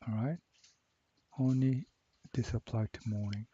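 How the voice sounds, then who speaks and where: A man walking through a software assignment step by step, repeating each instruction slowly. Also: mid-range voice, steady tone, slightly rough, no echo, dull audio. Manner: slow, step-by-step, repeats cell names. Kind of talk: screen-recorded software tutorial.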